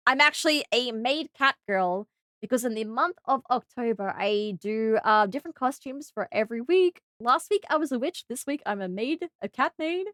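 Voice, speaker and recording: Young Australian woman streamer, excitable and chatty, high lively voice, dry close sound. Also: normal speed, no room sound. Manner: bubbly, excitable, gasps and squeals when greeting viewers. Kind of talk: live gaming stream chat.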